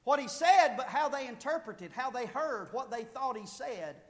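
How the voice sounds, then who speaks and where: High pitched preacher guy really getting into the sermon, loud then hushed, lots of hall echo. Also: lively intonation, normal speed. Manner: fervent preaching, swelling to loud shouted peaks then dropping low. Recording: long reverb of a large hall.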